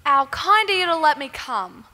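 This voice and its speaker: A woman's voice: high voice, sing-song, measured pace, background noise. A woman playing a young Cockney flower girl in a school stage musical, singing and then stumbling through speech drills. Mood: struggling, drilled.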